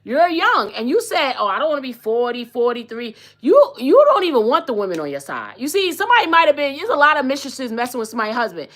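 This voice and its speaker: A woman's voice: high-pitched, sing-song, quick pace, hardly any pauses, fairly bright tone. A woman in her forties hosting a podcast, giving blunt, sassy, slang-filled gossip commentary in a casual chat. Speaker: podcast host.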